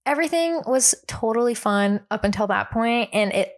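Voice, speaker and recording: A woman's voice: a little high, moderate pace. A young woman tells a story on a podcast in a loose, conversational way. She leans on likes and ums and jumps into the voices of the people in her tale. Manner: animated retelling with many likes and ums, acting out quotes. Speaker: podcast co-host. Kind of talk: casual storytelling chat.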